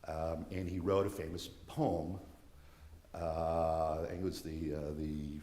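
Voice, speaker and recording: Man, low voice, earnest lecturer who restarts phrases; reverberant church hall sound. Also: level tone, slow, warm tone.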